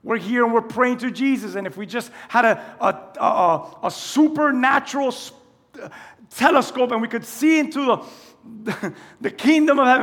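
A man preaches from the pulpit in a conversational way, putting question after question to his congregation. His voice sits fairly high for a man. The sound carries a long reverb from a large church hall. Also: fairly bright tone. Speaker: pastor. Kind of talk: sermon.

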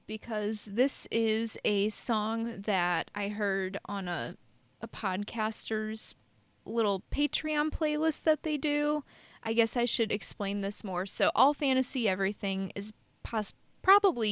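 A woman's voice: on the high side, no room sound. A young woman co-hosting a podcast, telling stories in a rambling, self-deprecating way. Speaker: podcast co-host. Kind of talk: casual chat.

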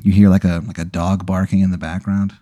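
A man's voice: deep voice, level tone, a little fast, mellow, dry recording. A man hosting a comedy podcast, improvising a rambling second-person story and swearing casually. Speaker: podcast host.

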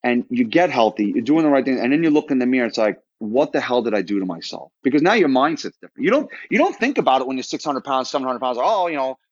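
A man's voice: mid-range voice, lively intonation, quick pace, hardly any pauses, no room sound, dull audio. Rambling man telling his story. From Florida, United States. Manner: rambling, full of restarts and quoted dialogue. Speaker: podcast guest. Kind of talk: casual conversational storytelling.

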